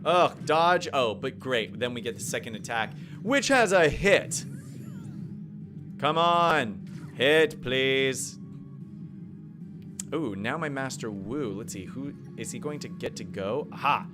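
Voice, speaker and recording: A man streaming a mobile game live, commentating playfully and excitably while answering his chat. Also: mid-range voice, measured pace. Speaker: gaming streamer. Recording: game music behind voice.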